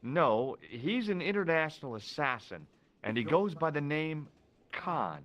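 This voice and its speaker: A man's voice: fairly high pitch, very animated, a little slow, fairly bright tone, exaggerated voice. An actor playing a dry, cool-headed male investigator in a video game, with sardonic delivery.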